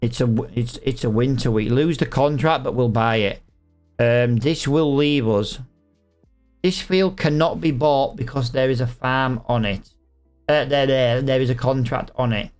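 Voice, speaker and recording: A man's voice: mid-range voice, a little slow, a little mellow, faint music behind. A man giving casual, chatty gameplay commentary and talking to his viewers. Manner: chatty, exasperated, talks to viewers. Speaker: gaming streamer.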